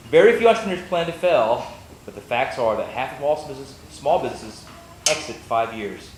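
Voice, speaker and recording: A man hosting a meetup, reading a speaker's introduction quickly, stumbling now and then and throwing in jokes. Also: medium pitch, expressive. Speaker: meetup host. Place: meeting room. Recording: echoey room with faint noise.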